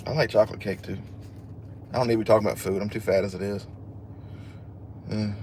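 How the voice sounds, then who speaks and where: Talking fast in a fairly low, fairly even voice, a man hosts a casual livestream against background noise. He reads comments from viewers and keeps up a chatty, joking banter, often laughing at himself.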